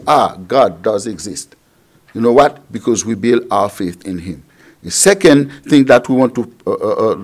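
A middle-aged man from Haiti preaching a sermon, repeating phrases and swinging between loud emphasis and quiet asides. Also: medium pitch.

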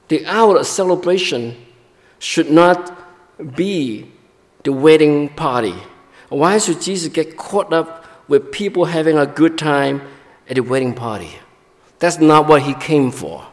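A man preaching a sermon in a church, explaining in a halting way with frequent restarts. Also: on the high side, lively intonation. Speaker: pastor. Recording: long reverb of a large hall.

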